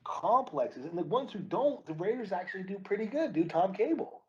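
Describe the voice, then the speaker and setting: A man co-hosting a podcast in casual sports chat, animated, saying "dude" constantly and often restarting his sentences. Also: sits high, moderate pace, highs cut off, noisy background. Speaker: podcast co-host.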